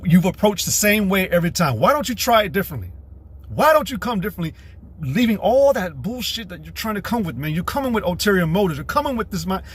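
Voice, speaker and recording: A man's voice: high voice, fairly bright tone, husky. A man hosting a livestream, giving a combative, profane religious rant in a rambling way. He reads scripture aloud between scornful outbursts and curses freely. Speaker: livestream host.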